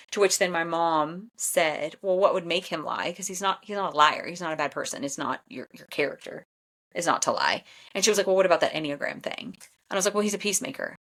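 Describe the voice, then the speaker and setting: A woman in her thirties hosts a podcast, telling stories in a casual chat. She speaks bluntly and with animation, laughing often. Her voice sits somewhat low for a woman. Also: quick pace, a bit bright. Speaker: podcast host and Enneagram coach.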